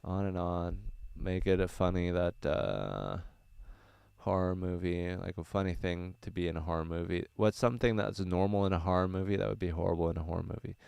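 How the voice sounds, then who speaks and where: Deep, smooth-voiced man rambling casually. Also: a little fast, darkish tone, no echo. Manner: rambling, filler-heavy, earnest. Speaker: stand-up comedian. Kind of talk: casual livestream Q&A. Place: small van.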